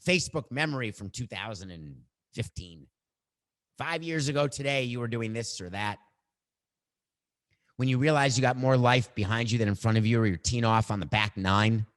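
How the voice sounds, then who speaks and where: A man's voice: medium pitch, moderate pace. A middle-aged man hosting a podcast, musing aloud in a reflective monologue. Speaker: podcast host.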